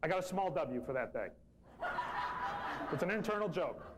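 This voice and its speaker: A man's voice: a little high, expressive, moderate pace, background noise. A man, telling a personal story earnestly and repeating phrases for emphasis. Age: 40s.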